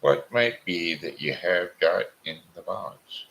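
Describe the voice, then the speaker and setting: A man's voice: low voice, expressive, takes it slowly, creaky, fairly bright tone, muffled recording, a little hiss or hum, full character voice. A man doing a shrewd, doubtful stranger. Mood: skeptical. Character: shrewd wandering stranger man, slow and deliberate.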